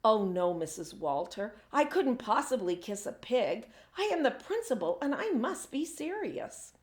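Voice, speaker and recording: A woman's voice: a little high, big pitch swings, a little slow. A woman reading aloud, voicing a fussy, reluctant male school principal who protests in a flustered way. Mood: protesting. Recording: echoey room.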